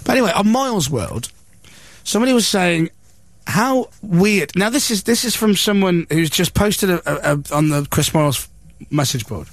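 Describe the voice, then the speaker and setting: On a radio breakfast show, a male host with a high, lively voice banters casually and reads a newspaper piece aloud, adding sarcastic, mocking and self-deprecating jabs. His pace is brisk. The studio microphone captures a dry recording.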